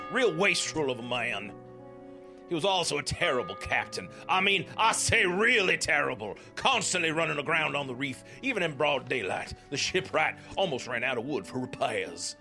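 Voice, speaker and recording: Man reading a gossipy townsman, dismissive, lively pitch, bright. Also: vocal fry, heavily acted. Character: gossipy male townsman in a fishing game.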